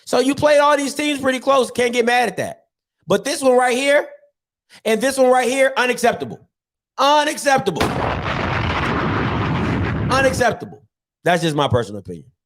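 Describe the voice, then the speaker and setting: Animated high-voiced man ranting. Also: brisk, very noisy. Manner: animated, repetitive, mocking. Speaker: sports show host. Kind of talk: casual sports rant to camera.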